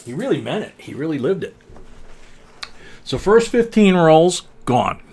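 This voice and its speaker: A man in his sixties hosting a casual coin-searching livestream, rambling with lots of "um"s and soft chuckles. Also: a little high, very animated, measured pace, breathy edge. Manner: rambling, chuckling, many fillers. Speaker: coin channel host.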